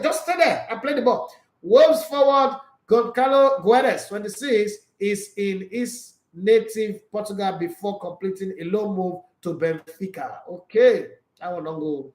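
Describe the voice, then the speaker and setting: A man's voice: sits high, a little slow, roomy sound. A Nigerian man reading football transfer news aloud with opinionated asides and jokes slipped into pidgin. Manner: opinionated, joking asides in pidgin, laughs often. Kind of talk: casual chat reading and reacting to news.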